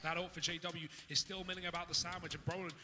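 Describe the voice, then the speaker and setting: Man, esports caster, high voice, excitable play-by-play, echoey hall, loud background noise. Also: fast talker. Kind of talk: play-by-play commentary.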